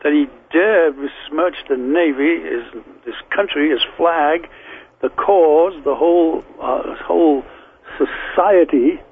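Starszy mężczyzna z akcentem z Liverpoolu, przez telefon. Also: male voice, a little high, slow pace. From England. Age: older. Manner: rambling and anecdotal, with frequent restarts. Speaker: guest. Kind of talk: telling memories in an interview. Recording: tinny phone line with faint hiss.

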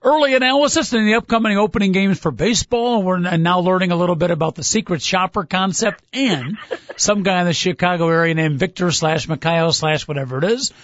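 Wry, high-voiced radio host. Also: male voice, a little fast, fairly bright tone, no echo. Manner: wry, chuckling, teasing. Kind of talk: casual sports radio banter. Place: radio studio. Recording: muffled lo-fi radio broadcast.

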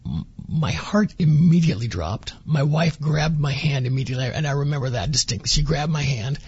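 Husky-voiced man telling his story. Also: fairly high pitch, fairly quick, darkish tone, dry recording, highs cut off. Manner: earnest, acts out quoted dialogue. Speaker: interview guest, former patient. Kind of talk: radio interview storytelling.

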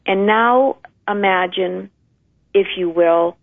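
A woman's voice: medium pitch, slow pace, vocal fry. A woman guest explaining how trauma passes down through generations, in an earnest, emphatic way. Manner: earnest, emphatic, acts out inner voices. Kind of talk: conversational explanation. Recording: tinny phone line.

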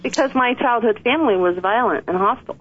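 A woman's voice: on the high side, fast talker. A woman author talking earnestly and reflectively in an interview. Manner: earnest, reflective, laughs softly. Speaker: author and guest. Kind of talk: interview conversation. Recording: tinny phone line with faint hiss.

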